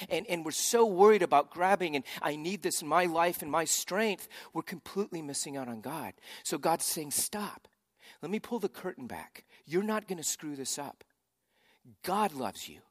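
A man preaching a sermon as pastor, animated, swinging between loud emphatic bursts and quiet, intense passages. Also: on the high side, moderate pace. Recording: long hall reverb.

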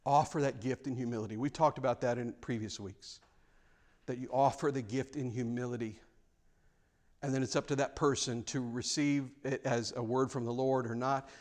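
A man's voice: medium pitch, steady tone, normal speed, a little mellow. A male pastor preaching a sermon in an earnest, frank way, often repeating words as he presses a point.

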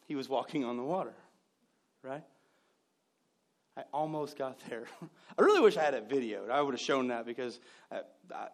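A man preaching a sermon, joking with the congregation and acting out scenes, swinging from loud outbursts to hushed asides. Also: sits high. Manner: animated and joking, acts out scenes. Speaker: pastor.

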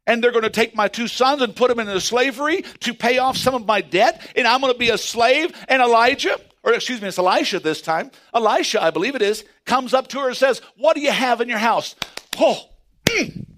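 A man preaching a sermon as pastor, swinging from hushed asides to excited shouts. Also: very high-pitched, brisk, few pauses.

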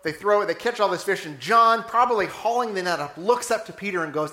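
A pastor preaching a sermon in a church, telling stories animatedly, acting out dialogue and asking rhetorical questions. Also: male voice, high voice, sing-song, normal speed, pushed and bright. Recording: roomy echo.

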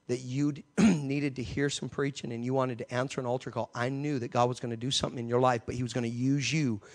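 A man preaching a sermon, telling an animated story and acting out the voices in it. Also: medium pitch.

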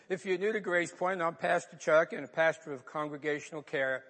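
An older pastor with a New York accent preaches in a church sanctuary, his fairly high, slightly bright voice moving at a brisk pace. He tells a personal story earnestly and emotionally, and the recording carries the long reverb of a large hall.

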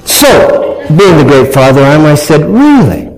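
A man's voice: on the high side, normal speed, rough recording. A man telling a humorous family story to an audience, self-mocking and acting out his family's voices.

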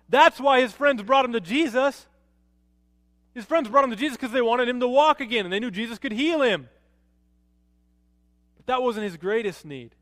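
A man preaching a sermon as a pastor, animated, rising to emphatic peaks and dropping low to quote. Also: moderate pace, no room sound, studio quality, big-room sound.

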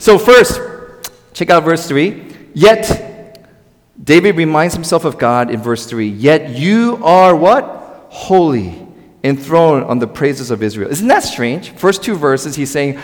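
A man preaching a sermon in a church, conversational and animated, calling on the congregation to answer back. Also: fairly high pitch, slow, long reverb tail. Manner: animated, conversational preaching with audience call-and-response. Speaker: pastor. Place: church sanctuary.

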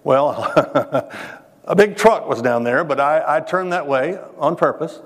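A man preaching to his congregation in a church, mixing scripture with a personal story, asking the listeners questions and repeating words as he builds to his points. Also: a little high. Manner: conversational, addresses the congregation directly with questions; restarts phrases, dramatic pauses. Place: church sanctuary. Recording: reverberant hall sound.

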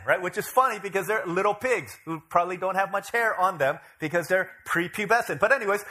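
Bright-voiced male pastor preaching. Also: high-pitched, brisk, few pauses. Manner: asks the congregation questions and retells stories with humor. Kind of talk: sermon.

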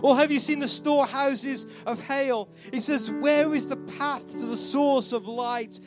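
A man preaches a sermon in a strikingly high voice, with guitar and band music playing beneath him. His delivery swings from hushed, near-whispered pleading to loud, soaring proclamation. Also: unhurried. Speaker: pastor. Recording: live church sermon with band playing behind.

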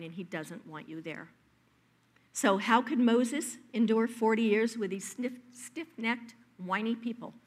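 A woman delivering a sermon with plenty of personal stories. Her voice sits at an ordinary middle pitch. She tells the stories in a lively, emphatic manner. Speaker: preacher.

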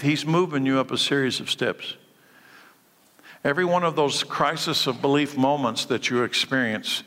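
Pastor guy preaching a sermon, bright punchy voice, goes quiet then strong, big echoey hall. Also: medium pitch. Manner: emphatic preaching, drops to hushed tones for stories.

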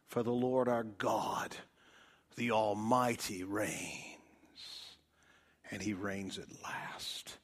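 Slow, emphatic preaching man. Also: mid-range voice, animated. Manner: preaching with swells of emphasis and soft drops, addressing listeners as friends. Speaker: pastor. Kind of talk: sermon.

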